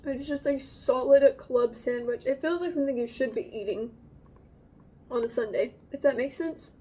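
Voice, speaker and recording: High-voiced gushing young woman vlogger. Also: slightly rough, low-quality recording. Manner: gushing, excitable, drawn-out exclamations. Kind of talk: casual food vlog.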